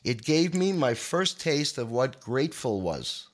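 A man in his sixties, a guest guitarist on a podcast, telling an emotional story in an animated, manic way and often repeating his words. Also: medium pitch, a little slow.

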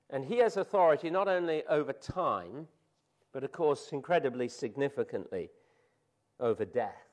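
A man preaching a sermon with slow, deliberate phrasing, dropping to a hush and rising to emphatic declarations. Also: a little high, big pitch swings.

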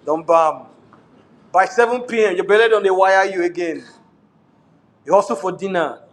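Animated Nigerian man preaching, high voice. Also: normal speed, a little hiss or hum. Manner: animated preaching, switches into pidgin, laughs often. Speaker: pastor. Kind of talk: sermon.

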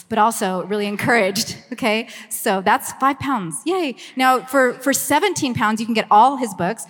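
A fifty-something woman with a Valley Girl accent from Southern California speaks to a church meeting, bubbly and chatty, full of "like". Her voice sits fairly high for a woman. It rings out with the long reverb of a hall. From Los Angeles, USA. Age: 50s. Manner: bubbly, effusive, chatty with frequent "like". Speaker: ministry communications director. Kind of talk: church meeting talk and prayer.

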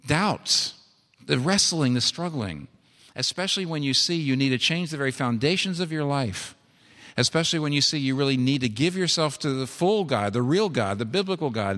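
A man preaching a sermon, earnest and pleading, who swings from quiet storytelling to urgent, climbing exhortation. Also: mid-range voice, long reverb tail.

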